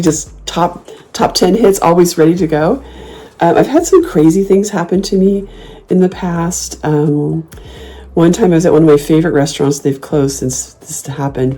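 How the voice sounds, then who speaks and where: A woman hosting a casual chat, telling stories in a sassy, animated way, often laughing and jumping into loud, high mock comebacks. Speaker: host.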